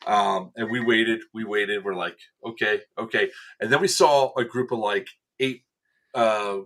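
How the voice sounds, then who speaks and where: A man on a casual podcast recounts a day out on the field with real animation. His voice sits on the low side but has a bright, forward edge. He slips into quoted lines and laughs often. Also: measured pace. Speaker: event staff member recounting a game day.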